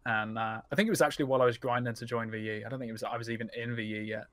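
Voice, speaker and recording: A young man, a streamer guest on a casual podcast, telling stories in an animated way and swearing freely. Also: mid-range voice, rapid-fire, dry recording.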